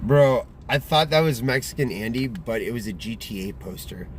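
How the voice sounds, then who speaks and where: A man livestreams casually from his car as a streamer, rambling in loose, slangy talk packed with fillers. His medium-pitched voice moves at a moderate pace over a little hiss or hum.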